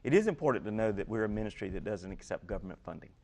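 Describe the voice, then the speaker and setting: A man explaining his ministry program as a guest in a talk show interview, earnest and steady, often repeating key phrases. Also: on the low side, racing, vocal fry.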